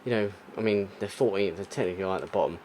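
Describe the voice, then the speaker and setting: A man's voice: deep voice, fast, a little mellow, slight background noise. A young man commentating his football video game play, muttering, then bursting out in frustrated exclamations. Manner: frustrated, exclamatory, swings between muttering and outbursts. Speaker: gaming YouTuber. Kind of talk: live gameplay commentary.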